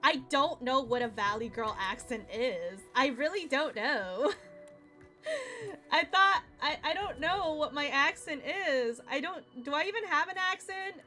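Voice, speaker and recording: A bubbly woman streamer chatting through a story game, quick to giggle. Her voice is bright and a little high, with faint game music in the background. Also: expressive. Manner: bubbly and giggly, laughs often. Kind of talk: casual game-stream chat.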